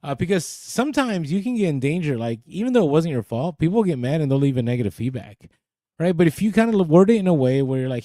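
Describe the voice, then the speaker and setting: A man co-hosts a relaxed podcast, reading comments from the chat and laughing easily. His voice is mellow and low in brightness, and it sits close to a dry studio mic. He gets animated when something catches his interest. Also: fast, no echo. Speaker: podcast co-host. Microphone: podcast studio mic, too close at times.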